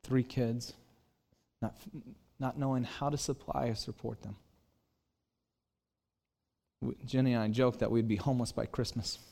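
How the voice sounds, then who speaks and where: A middle-aged man preaching a sermon as pastor, telling a personal story and acting out the dialogue, swinging between quiet and loud. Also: medium pitch, steady tone, unhurried, vocal fry, long pauses.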